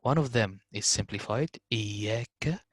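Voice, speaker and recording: Male tutor, mid-pitched, dry recording; demonstrates sounds, repeats them slowly, casual asides to students. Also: no room sound. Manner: hesitant fillers, informal address to students. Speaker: Quran recitation teacher. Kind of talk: online tajweed lesson.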